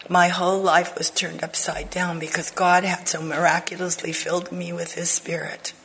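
An older woman Bible teacher giving an earnest personal testimony to women, dropping to soft whispers for emphasis. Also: fairly low pitch, little pitch movement, normal speed, slightly rough, poor audio.

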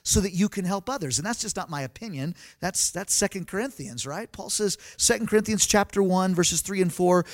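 A man in his thirties, a pastor preaching a lively sermon full of stories and quoted dialogue. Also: high voice, brisk, few pauses, no room sound. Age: 30s. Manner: animated storytelling with laughs and acted quotes. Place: live talk at a family camp.

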